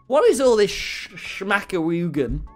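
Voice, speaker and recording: A young man streaming a game in casual chat, loud and brash, swearing and swinging into shouts. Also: sits high, very animated, moderate pace, soft background music. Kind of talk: casual gaming livestream chat.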